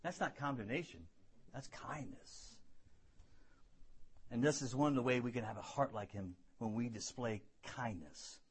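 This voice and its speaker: A husky, slightly breathy man preaches a sermon built around his own story. He swings from loud, emphatic peaks down to hushed, quiet lines. He often repeats a word or two as he works toward a point, all at a mid-range pitch. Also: unhurried. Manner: repeats words when building a point. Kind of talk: sermon with personal testimony.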